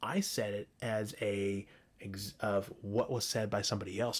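Slightly rough and lowish, a man's voice moves a little fast as he hosts a solo show. He rants bluntly and profanely with his opinions, stumbling and restarting his sentences often.

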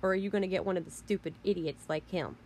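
Heated ranting woman, low-pitched voice. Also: fast, a little mellow, slight background noise. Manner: indignant, heated, swears mildly, restarts often. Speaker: podcast host. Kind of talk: casual rant.

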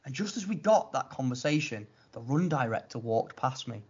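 A man telling a story in a casual chat, animated and mocking, acting out what others said. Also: medium pitch, normal speed, husky. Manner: animated, mocking retelling with acted-out quotes. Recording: lo-fi muffled audio.

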